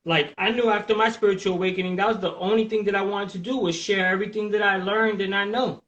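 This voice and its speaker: A man's voice: sits high, quick pace, highs cut off. A man hosting a casual live podcast, talking bluntly with plenty of profanity and pulling others in with questions. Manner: blunt, profane and animated, drawing listeners in with questions. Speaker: podcast host.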